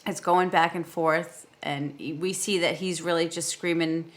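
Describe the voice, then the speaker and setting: A woman co-hosting a podcast, recapping a film scene by scene in relaxed, conversational talk. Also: fairly low pitch, unhurried. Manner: retells scenes animatedly, acting out characters' lines. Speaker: podcast co-host. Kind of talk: casual movie-review chat.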